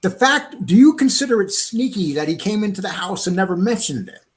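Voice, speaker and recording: Male host, casual, emphatic, lively somewhat high voice. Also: brisk, husky. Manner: emphatic, rhetorical questioning. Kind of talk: casual chat.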